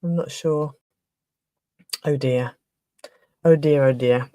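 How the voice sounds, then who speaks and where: A woman hosting a craft livestream in casual chat, flustered and restarting her sentences, with a slightly rough throat. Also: rumbling low, fairly even intonation, slow, dark tone, dry recording, poor audio. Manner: chatty, flustered, trailing off and restarting.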